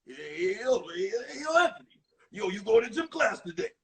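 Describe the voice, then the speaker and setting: A man's voice: sits high, big pitch swings, a little slow. A man playing an Italian-American teen boy who talks with a tough-guy drawl and stammers, on a livestream. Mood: eager. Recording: distant mic on a phone livestream.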